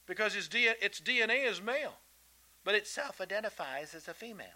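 A man's voice: high voice, animated, a little fast, bright, forceful tone, rough recording. A man preaching a sermon to kids and grown-ups, talking in a folksy, emphatic way and restarting his words often. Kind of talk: sermon to children and adults.

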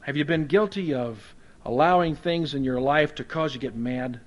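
A man preaching a sermon as a Baptist pastor, conversational and folksy, with humorous asides, swinging between loud emphasis and soft quiet moments. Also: fairly high pitch, moderate pace, lo-fi sound.

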